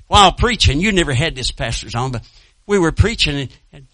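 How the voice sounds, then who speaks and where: A man's voice: fairly high pitch, lively intonation, normal speed, pauses often, pushed and bright, dry recording. A male pastor preaching a sermon and telling a personal story in a folksy way, calling out to his congregation and chuckling between lines.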